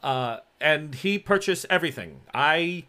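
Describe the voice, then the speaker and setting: A man's voice: a little high, animated, measured pace, pushed and bright. Polite middle-aged guide in a tabletop game, broken English, slight accent, voiced by a man. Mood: reassuring. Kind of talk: tabletop role-play acting.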